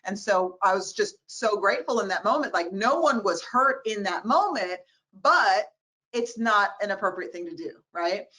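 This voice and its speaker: Woman in her 40s on a video call, guest expert, animated storyteller, does little voices for people. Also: medium pitch, normal speed, poor audio. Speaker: diversity expert, guest speaker. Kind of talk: conversational webinar interview.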